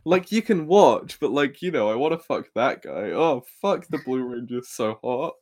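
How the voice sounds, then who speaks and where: Young man, podcast co-host, casual show recap, laughing, swearing, medium pitch. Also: normal speed. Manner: laughing, swearing, animated retelling.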